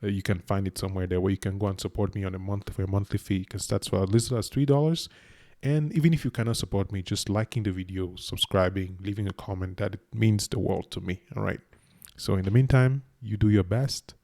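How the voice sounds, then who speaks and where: A man's voice: low voice, fast, warm tone. A man hosting a reaction channel, talking casually and earnestly straight to his viewers. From Cameroon. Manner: chatty, earnest, addresses viewers directly.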